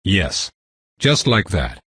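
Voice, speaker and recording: A man reading the lines of a composed female vampire commander with a smooth voice and a faint Southern accent, calm and condescending. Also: on the low side, normal speed, no echo, studio quality. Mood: cool. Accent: faint American Southern.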